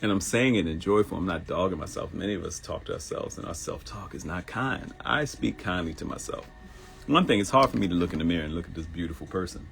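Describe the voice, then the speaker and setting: Deep gravelly dude hosting a live motivational show, super lively voice, faint music behind. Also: male voice, fast talker. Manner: animated, laughing, mimics people in high voices. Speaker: host.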